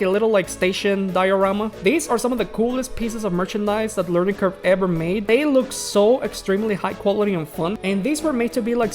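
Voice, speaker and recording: A man casually reviewing toys from his collection, rambling with many fillers and bursting into profane rants. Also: high voice. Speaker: toy collector vlogger.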